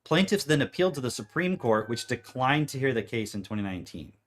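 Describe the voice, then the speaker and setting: A man co-hosting a casual podcast, his voice sitting at an ordinary middle pitch. He talks animatedly and swears freely, slipping into quick put-on voices to act out other people. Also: very animated. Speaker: podcast co-host.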